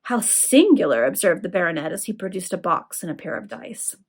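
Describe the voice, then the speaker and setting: A woman reading a novel aloud to friends in a lively, expressive way. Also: lowish voice, a little fast, breathy edge. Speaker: reader.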